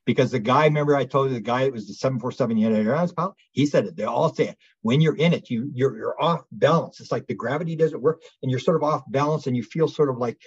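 A man with a husky, breathy voice recounts a story as an interview guest, animated and full of restarts. The sound is dry and close, with a slightly dull, lo-fi tone. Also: mid-range voice, fast, few pauses, no echo. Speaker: guest researcher.

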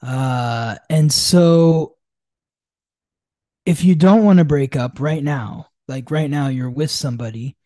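A man co-hosting an astrology podcast, talking loosely with many fillers and restarts, and acting out quoted speech with sudden jumps in pitch. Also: takes it slowly, mellow, dry recording, studio quality. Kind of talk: casual conversational explanation.

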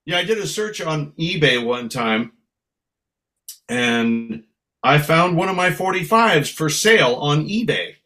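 Male guest musician, lively raconteur, slightly raised pitch. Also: measured pace. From San Francisco. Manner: lively storyteller, acts out voices. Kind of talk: casual interview anecdotes.

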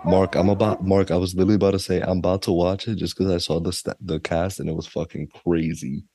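A man hosting a podcast in loose, slangy casual chat, excitable and quick to laugh. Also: low voice, no room sound, clean studio sound. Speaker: podcast host. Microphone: desk mic.

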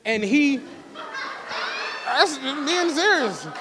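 A man co-hosting a live podcast, telling a profane, animated story and acting out the quotes. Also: very high-pitched, extremely slow, noisy background. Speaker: podcast co-host. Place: live stage show in a studio venue. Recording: long hall reverb from a live venue.

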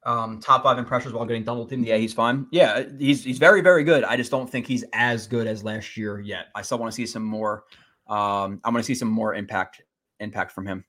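On a livestreamed sports podcast, a male co-host reads the chat and talks casually, rambling quickly and bluntly with the odd curse. His voice is on the low side with a slightly bright quality.

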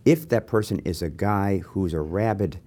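Host: older man with a very low voice, animated and anecdotal, pokes fun at himself. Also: normal speed. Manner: animated, anecdotal, self-deprecating. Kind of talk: conversational interview.

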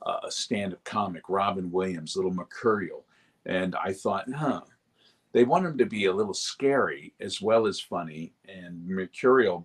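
A male voice actor talking animatedly in an interview, slipping into character voices as he goes. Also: on the low side. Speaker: voice actor, guest. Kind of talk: casual interview talk.

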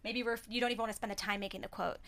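A woman's voice: medium pitch, steady tone, racing, fairly bright tone. A woman co-running a design business, chatting in a casual podcast conversation and acting out client exchanges. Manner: chatty, upbeat, acts out client dialogue. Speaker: design studio co-owner, guest.

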